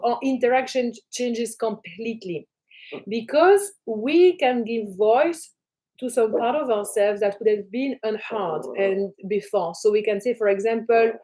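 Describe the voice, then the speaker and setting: A woman spiritual teacher talking in her flat, her speech soft and flowing, with repeated phrases and many fillers. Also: fairly high pitch, unhurried, poor audio. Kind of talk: casual teaching talk.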